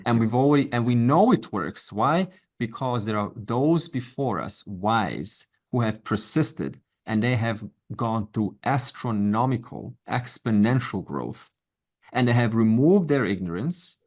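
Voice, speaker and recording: A man's voice: mid-range voice, expressive, measured pace, a little mellow. A middle-aged man teaching a Vedanta class online, speaking conversationally and encouragingly, with asides and quoted voices. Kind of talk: informal lecture to an online class.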